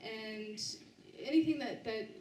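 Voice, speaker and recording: A woman's voice: on the high side, dark tone, reverberant, far from the mic, slight background noise, poor audio. A woman giving a book talk to a live audience, sharing a personal story with many restarts and fillers. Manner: halting, with frequent restarts and fillers. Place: bookstore event space, indoors.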